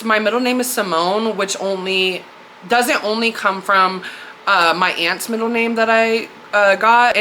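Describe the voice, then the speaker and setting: A woman with a bright, forward voice talks through a spiritual story as a podcast host. Her delivery is loose and candid, full of slang and asides, pitched in a middle range. It sounds like relaxed chat with her listeners. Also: a little hiss or hum.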